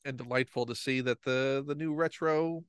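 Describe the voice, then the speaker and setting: A man's voice: medium pitch, fairly even intonation, normal speed, clear, resonant tone, no echo. A man hosting a casual interview chat, making short, knowledgeable remarks. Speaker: host.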